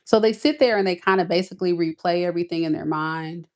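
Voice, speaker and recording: A woman's voice: lowish voice, fast talker. A woman giving a casual tarot reading, talking in a blunt, sassy, emphatic way. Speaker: tarot reader.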